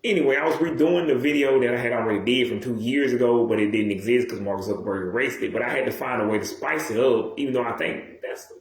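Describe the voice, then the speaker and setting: Man, casual vlog monologue, rambling and profane, lots of restarts, middle pitch, echoey room. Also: fast, few pauses. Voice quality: profane, digressive, many restarts. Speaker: YouTuber. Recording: roomy echo.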